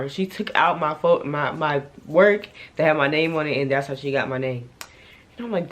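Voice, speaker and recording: A young woman, telling a casual storytime to her camera, with animated swings between loud outbursts and hushed asides. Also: deep voice, normal speed. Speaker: vlogger.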